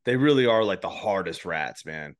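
A man's voice: low voice, lively intonation, normal speed. A man hosting a casual comedy podcast, talking loosely and profanely and laughing often.

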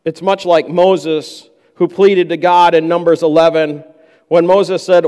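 A man's voice: fairly high pitch, steady tone, unhurried, warm tone, long reverb tail. A man preaching a sermon, who acts out the disciples' complaints in a raised voice. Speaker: pastor.

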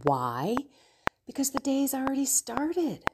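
A middle-aged woman hosting a faith podcast, talking earnestly about her prayer life with personal stories and soft asides. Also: high voice, sing-song, slow, heavy background noise. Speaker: Catholic podcast host. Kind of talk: reflective faith talk.

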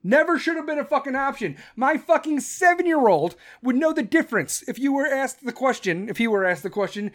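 A woman's voice: sits high, very animated, brisk, few pauses. A woman in her thirties giving an angry, sarcastic political rant full of swearing and mocking put-on voices. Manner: mocks others in put-on voices. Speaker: political commentator.

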